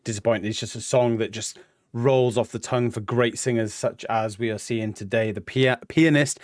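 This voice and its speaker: A man with an ordinary mid-range voice talks through a music reaction in a relaxed, thoughtful way, posing questions to himself as he goes. The sound is dry and close, with no room echo. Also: mid-range voice, normal speed. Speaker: reaction video co-host. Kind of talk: casual music reaction chat.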